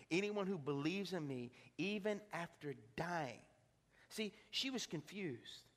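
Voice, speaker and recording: A pastor preaching an impassioned sermon, swinging from hushed to shouting. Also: male voice, high voice. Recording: long reverb of a large hall.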